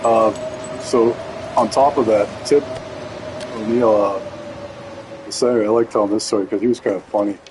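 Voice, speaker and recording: A man's voice: on the low side, fairly even intonation, moderate pace, pauses often, background noise. A man streaming a game, telling a rambling, profane story in a casual way. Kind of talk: casual storytelling while gaming.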